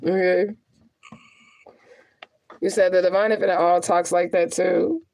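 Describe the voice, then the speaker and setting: Young adult woman, a medium on a casual live stream; blunt, profane, quick to laugh. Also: fairly low pitch, flat delivery, gravelly, darkish tone, a little hiss or hum. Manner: candid, profane, laughing often. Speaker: spiritual reader and medium. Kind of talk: casual livestream venting.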